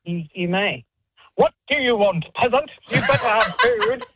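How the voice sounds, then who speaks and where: A woman's voice: on the high side, lively intonation, unhurried, heavy background noise. A woman voicing her cat as a haughty, demanding king who scorns others. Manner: imperious, dismissive.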